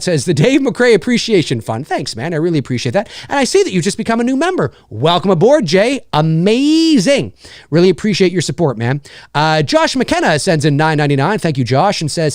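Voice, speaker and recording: A man's voice: sits high, very animated, normal speed, no room sound, clean studio sound. A man hosting a live stream, ranting casually with lots of swearing and mocking voices. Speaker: host of a live stream show.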